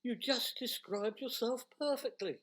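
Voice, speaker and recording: A woman's voice: fairly high pitch, a little slow, heavy background noise. A British woman playing the teasing wife of a hotel owner in a comic radio sketch. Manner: teasing, dry, amused.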